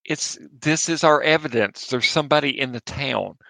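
A man's voice: mid-range voice, normal speed, gravelly, pushed and bright, no room sound. A man playing a tabletop game, urgent and exasperated in casual chat. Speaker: player.

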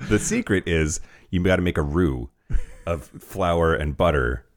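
This podcast co-host has a low voice and a measured pace. His talk is casual and profane, full of jokes and sentences he starts over.

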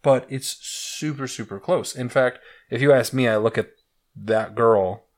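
A young man from Utah chatting on a podcast in a loose, jokey way, swearing now and then and breaking into laughter. His voice sits at an ordinary middle pitch. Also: unhurried. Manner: joking, crude, laughs often. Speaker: podcast co-host. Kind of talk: casual podcast chat.

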